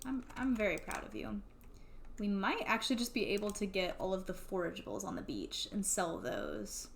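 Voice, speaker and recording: A woman's voice: mid-range voice, moderate pace, vocal fry, slight background noise. A young woman streaming a farming game, chatting casually to herself and laughing often. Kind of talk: casual gameplay commentary.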